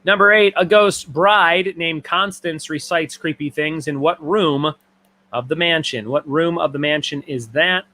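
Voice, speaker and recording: A man's voice: fairly high pitch, a little slow, pushed and bright. A man hosting a casual trivia livestream from his garage, joking around and reading out viewer comments between questions. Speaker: trivia host. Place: home garage.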